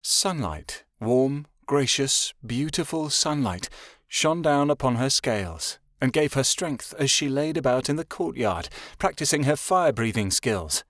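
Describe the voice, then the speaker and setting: A man reading a fantasy audiobook as narrator, in a steady, measured way. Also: medium pitch, no echo, studio quality. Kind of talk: scripted narration.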